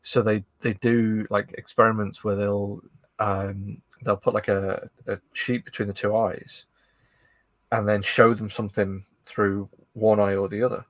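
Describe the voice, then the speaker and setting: A man's voice: on the low side, level tone, unhurried, dry recording. A man co-hosting a podcast, explaining things in casual chat with stumbling starts. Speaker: podcast co-host.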